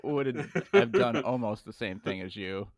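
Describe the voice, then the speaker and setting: A man's voice: medium pitch, measured pace, no room sound. A man co-hosting a podcast in casual chat, with dry wit and frequent laughs. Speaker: podcast co-host.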